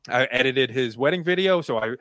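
A man as a conversation guest, telling a personal story in an earnest, heartfelt way that softens when he turns reflective. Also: medium pitch, animated, brisk, dry recording, clean studio sound.

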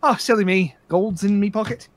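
A man's voice: sits high, a little fast, heavy background noise, natural voice. A man voicing a drunk, boastful, rich male gang leader with a tail, in an Irish accent. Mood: gloating. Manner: gloating, laughing between lines.

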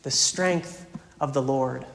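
A man preaching a sermon in measured, rhythmic lists, at times dropping to a hushed voice. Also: mid-range voice, vocal fry. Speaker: pastor. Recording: long hall reverb.

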